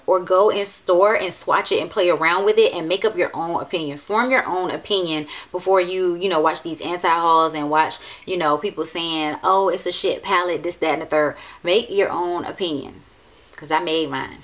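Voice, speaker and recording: Emphatic, swearing young woman beauty vlogger. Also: lowish voice. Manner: emphatic, repeats phrases, casual swearing. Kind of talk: casual monthly favorites review.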